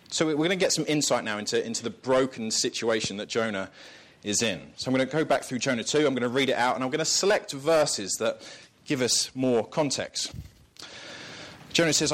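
A man's voice: medium pitch, fairly bright tone. A man preaching a sermon in a conversational way, joking and chuckling between points and asking the listeners rhetorical questions.

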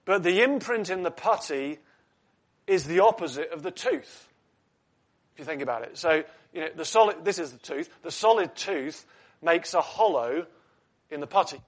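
A man preaching a sermon with a voice pitched a little above the usual male range. He teaches earnestly, stops to ask his listeners rhetorical questions, and slips in light asides. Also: lively intonation, normal speed.

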